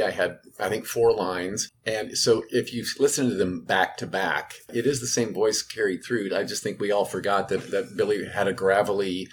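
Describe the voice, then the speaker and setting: A man telling stories as an actor in an interview, animated and enthusiastic, laughing often. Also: on the low side, slight background noise. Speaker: guest actor. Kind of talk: interview storytelling.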